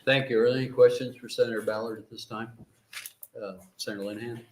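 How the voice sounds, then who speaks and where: A man chairing a legislative committee hearing, calling briskly for questions and witnesses. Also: medium pitch, fairly even intonation. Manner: brisk procedural announcements. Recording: roomy hearing-room audio, faint noise.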